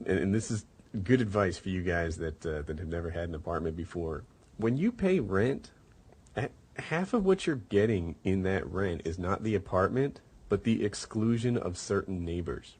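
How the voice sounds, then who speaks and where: Deep husky man telling a story. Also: animated, moderate pace, a little mellow. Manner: rambling, many fillers, acts out quotes. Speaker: podcast host. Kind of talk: casual storytelling chat.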